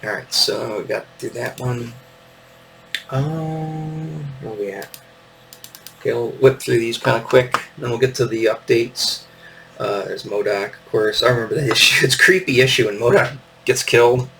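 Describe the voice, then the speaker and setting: A man's voice: mid-range voice, normal speed, vocal fry, a bit bright, far from the mic, a little hiss or hum, poor audio. A man in his fifties hosting a casual show-and-tell, meandering with lots of fillers and little chuckles. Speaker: podcast host.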